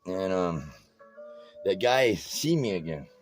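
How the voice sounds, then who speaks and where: A man's voice: low voice, lively intonation, takes it slowly, faint music behind, poor audio. A man who tells meandering stories while showing how to tie-dye a shirt, using casual, streetwise speech and often restarting his sentences. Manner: rambling, restarts and drifts between stories. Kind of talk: storytelling while demonstrating a craft.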